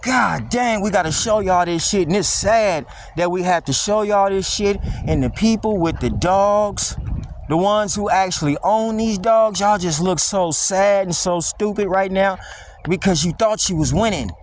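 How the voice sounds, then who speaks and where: A man with a high voice delivers a blunt, mocking, slang-heavy rant while walking outdoors. He records on a handheld phone, and faint wind and outdoor noise sit behind his voice. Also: unhurried. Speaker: dog vlogger. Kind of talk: casual walking vlog monologue. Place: outdoors on a windy wooded walk.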